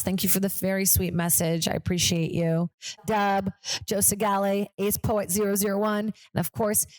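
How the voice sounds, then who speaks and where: A woman's voice: mid-range voice, dry recording. A woman in her thirties hosting a comedy podcast, rambling along casually and slipping into quoted voices. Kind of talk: casual chat.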